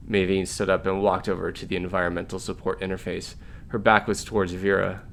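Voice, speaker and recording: A man reviewing a story game, narrating its text aloud in an even, plain way. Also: deep voice, fairly quick, creaky, hardly any pauses, a little hiss or hum.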